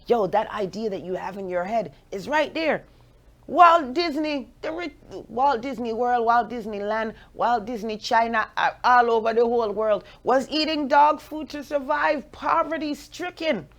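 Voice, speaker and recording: A woman in her forties with a Jamaican accent, hosting a radio show with playful, animated motivational talk. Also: fairly high pitch, moderate pace. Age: 40s.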